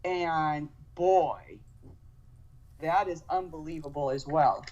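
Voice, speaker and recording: A woman guest on a casual interview, animated and talkative, laughing easily, calling in on a phone speaker from home. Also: low-pitched, slow, dull audio. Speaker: guest, former wrestler.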